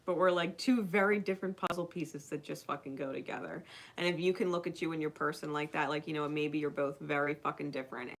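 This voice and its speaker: A woman's voice: deep voice, fairly even intonation, fast. A woman giving a casual spiritual reading to her viewers, emphatic, swearing constantly and laughing often. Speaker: spiritual card reader. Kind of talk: casual unscripted monologue to viewers.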